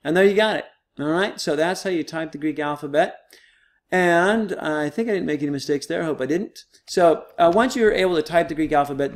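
A man teaching a recorded online lesson, explaining step by step in a casual, patient way with frequent fillers. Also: fairly high pitch.

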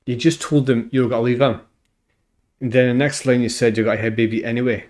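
A man's voice: mid-range voice, steady tone, fast, darkish tone. A Scottish man reacting to a film, incredulous and swearing, laughing in disbelief at what he sees. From Scotland. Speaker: movie reaction host. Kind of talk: casual reaction commentary.

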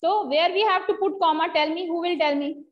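Indian English teacher dictating a grammar lesson. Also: female voice, extremely high pitch. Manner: slow, deliberate dictation with Hindi asides. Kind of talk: online grammar class. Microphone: video call. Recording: slightly dull lo-fi video call audio.

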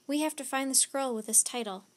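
A woman reading a storybook aloud, voicing an anxious, excitable young boy who gets shrill and loud when scared. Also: brisk. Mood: earnest. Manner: rises high and loud when panicked.

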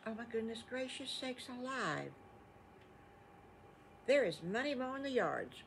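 A woman's voice: a little high, very animated, measured pace, long pauses, a little hiss or hum. Folksy older woman telling stories. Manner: folksy, chatty, with asides to children. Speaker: storyteller. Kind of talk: improvised bedtime storytelling.

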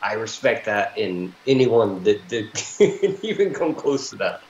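A man's voice: fairly low pitch, very animated, unhurried, a little mellow. A man co-hosting a podcast in casual chat, laid-back and joking. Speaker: podcast co-host. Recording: roomy lo-fi home mic with faint background noise.

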